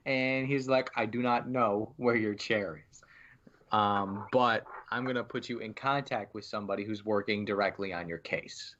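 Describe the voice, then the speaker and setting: Male podcast co-host, lower voice, casual storyteller, muffled lo-fi sound. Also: normal speed, fairly bright tone, a little hiss or hum. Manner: storytelling, acts out phone calls. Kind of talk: casual chat.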